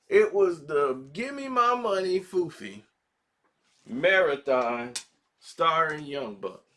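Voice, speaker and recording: A man hosting a casual commentary vlog, talking in slangy, animated style and acting out quotes. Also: fairly high pitch, slow pace. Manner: animated, slangy, acts out quotes in other voices. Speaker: commentary channel host.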